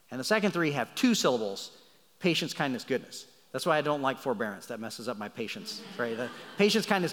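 A man preaching a sermon with a lively voice that rises for emphasis and drops low for asides. His voice sits a little higher than most men's. A long reverb from a large church hall trails behind every phrase. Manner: animated preaching, swings between loud emphasis and quiet asides. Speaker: pastor.

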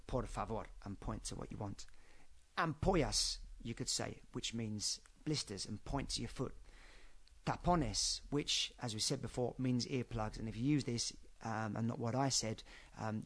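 A man's voice: medium pitch, a bit bright. A man hosting a podcast, giving a casual spoken lesson in a chatty, rambling way with lots of fillers. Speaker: podcast host.

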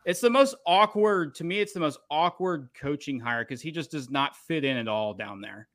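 Bright-voiced opinionated sports podcaster. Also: male voice, on the high side, moderate pace, dry recording, studio quality. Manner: opinionated, animated. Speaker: podcast host. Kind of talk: casual sports chat.

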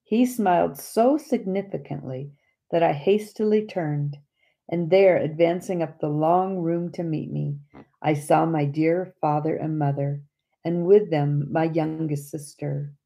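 A woman reading an audiobook chapter aloud in a slow, measured way. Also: deep voice, creaky, warm tone. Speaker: audiobook reader. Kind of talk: scripted audiobook narration.

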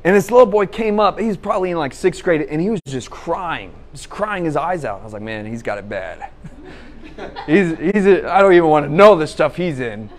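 A man's voice: fairly high pitch, brisk, few pauses. A young man preaching a conversational sermon, telling a personal story with lots of laughter and restarts. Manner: animated, laughs at his own story, many restarts.

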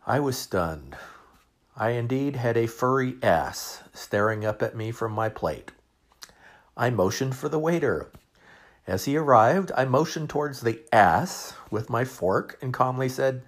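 A man's voice: mid-range voice, lively intonation, a little slow. A man in his forties, a podcast host, telling a humorous story in a wry, self-mocking way.

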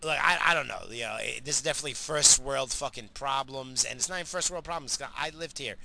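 A middle-aged man tells a story straight to camera in a loose, rambling monologue. He swears freely and keeps laughing at his own tale. His voice has a very bright, sharp edge to it. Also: medium pitch, quick pace, vocal fry.

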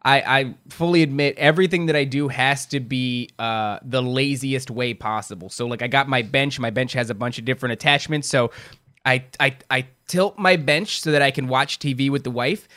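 A man's voice: medium pitch, fairly even intonation, normal speed, pushed and bright, no echo, studio quality. A man co-hosting a podcast, telling crude, rambling stories in casual chat with a small, shrieky voice. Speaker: podcast co-host.

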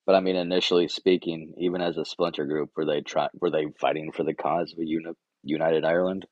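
Very low male voice, irreverent podcast banter, dry close sound. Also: little pitch movement, fast, no echo, muffled recording. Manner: joking, irreverent. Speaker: podcast co-host. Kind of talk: casual chat.

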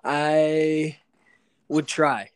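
A man's voice: fairly high pitch, level tone, drawn-out words, clear, resonant tone, no echo. Young man rambling, says bro constantly. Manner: hesitant, restarts, says bro a lot, laughs. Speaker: podcast co-host. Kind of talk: casual podcast banter.

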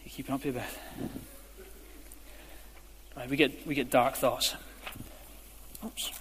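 A man's voice: mid-range voice, level tone, takes it slowly, background noise. Man, pastor, emphatic sermon, long hall reverb. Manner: emphatic, rising to forceful exhortation. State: out of breath.

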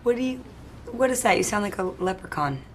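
A man putting on a high voice to play a skeptical friend who is unimpressed by a bad accent, flat and dismissive. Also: a little fast, slight background noise. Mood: doubtful.

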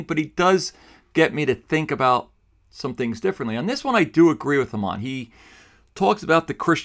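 A podcast host from the New York City suburbs delivers emphatic, argumentative opinion commentary. His voice is mid-range and a bit bright.

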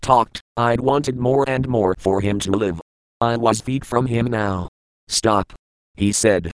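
Smooth-voiced man reading an audiobook. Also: mid-range voice, a little slow, dry recording, rough recording. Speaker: audiobook narrator. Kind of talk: first-person audiobook narration.

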